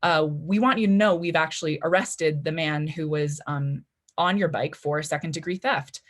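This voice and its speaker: Matter-of-fact small-town cop on the phone, as a storytelling woman quotes him, flat, official. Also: sits low, moderate pace.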